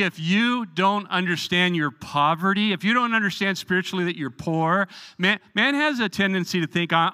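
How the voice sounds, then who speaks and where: Pastor, male, earnest and emphatic, restarts and repeats words while preaching. Slightly high, tense voice. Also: pushed and bright, long reverb tail. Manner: earnest, emphatic preaching with frequent word repetitions. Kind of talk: Bible study sermon. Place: church sanctuary.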